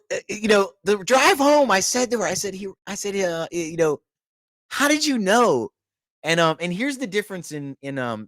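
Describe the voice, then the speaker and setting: A man's voice: on the high side, fairly bright tone, dry recording. A middle-aged man hosting a podcast, telling a long story in casual chat, with frequent restarts and laughter. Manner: rambling, restarts often, laughs through the story. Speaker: podcast host.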